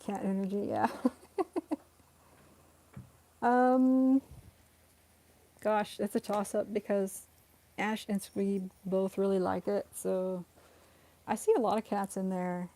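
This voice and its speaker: A woman's voice: fairly even intonation, slow, pauses often, warm tone. A young woman chatting casually on a live stream at home while her rescue cats play, laughing often and cooing at the cats. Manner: giggly, chatty, talks to the cats in a high coaxing voice. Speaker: cat rescue livestreamer.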